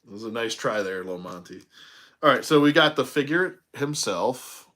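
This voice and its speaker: A man's voice: mid-range voice, animated, a bit bright. Guy vlogging an unboxing at home, rambling storyteller, laughs a lot. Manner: rambling storyteller, laughs often, drawn-out pauses. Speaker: toy collector reviewer. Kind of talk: casual unboxing chat. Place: home room.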